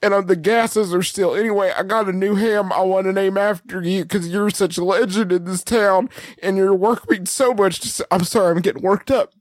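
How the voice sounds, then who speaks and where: A man's voice: high-pitched, fairly even intonation, moderate pace, no echo, studio quality, voice pushed up, close to an everyday voice. A man doing a prank-call voice of a rambling, flustered small-town ham seller. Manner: awkward, oversharing, flustered prank-caller rambling. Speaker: prank caller.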